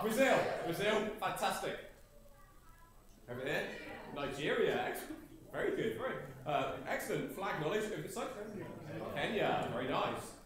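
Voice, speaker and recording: A man leading a morning church service, joking with the congregation in a playful, chatty way with many fillers. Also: high voice. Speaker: preacher. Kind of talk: lively church service talk. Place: large church hall with congregation. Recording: echoey church hall with congregation.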